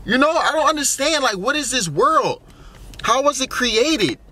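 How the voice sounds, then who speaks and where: A man's voice: extremely high pitch, very animated, normal speed, sharp tone. A young man rambling through a casual monologue, wondering aloud with lots of fillers and swearing. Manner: musing, full of fillers and profanity, wondering aloud. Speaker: vlogger.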